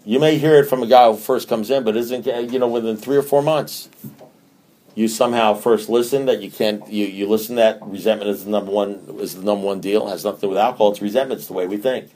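A man's voice: on the low side, steady tone, fast talker, mellow. A man giving a conversational recovery talk to a group, earthy and emphatic, often repeating his phrases. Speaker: recovery meeting speaker.

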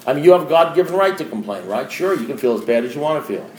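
A man with a medium pitch speaks rapid-fire and animatedly to a recovery group, with crowd noise audible. He's blunt and plain-spoken in this informal talk, repeatedly asking his listeners pointed questions, in an echoey room with faint background noise.

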